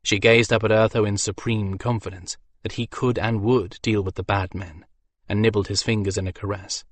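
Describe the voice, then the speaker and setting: A man narrating a fantasy audiobook in a steady, measured storytelling manner. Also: lowish voice.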